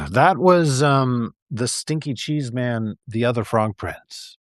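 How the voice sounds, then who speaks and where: Slow-talking chatty man reading aloud. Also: mid-range voice, lively intonation, no echo, studio quality. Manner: rambling, chatty, many fillers, chuckles. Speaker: livestream host reading stories. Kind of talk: casual read-aloud storytelling.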